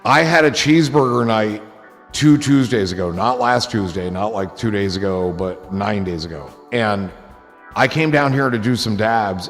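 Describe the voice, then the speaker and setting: A man hosting a live stream, chatting casually and telling rambling, profane stories that turn excited. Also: on the low side, moderate pace, big-room sound, soft background music. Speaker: streamer host.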